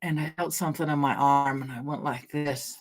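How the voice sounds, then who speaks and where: A middle-aged woman from Washington State hosts a casual livestream, reading names from the live chat and greeting viewers by name. Her voice is low for a woman, steady and darkish, a little fast, as she rambles from one story to the next, laughing often.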